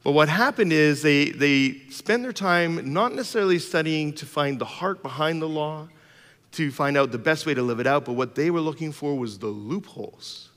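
A man's voice: fairly high pitch, normal speed, fairly bright tone. A man preaching a sermon as a pastor. He tells humorous stories in an informal style with many fillers. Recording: long reverb of a large hall.

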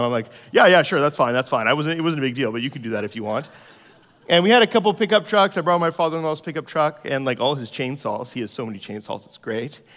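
A man giving a sermon, telling a self-deprecating personal story in a relaxed, conversational way. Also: fairly high pitch, long reverb tail. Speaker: pastor.

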